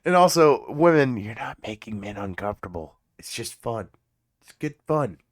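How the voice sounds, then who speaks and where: A man's voice: medium pitch, lively intonation, normal speed, no echo, clean studio sound. A man hosting his own podcast, telling stories in a rambling, profane way and laughing often. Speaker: podcast host. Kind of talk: casual comedic podcast talk.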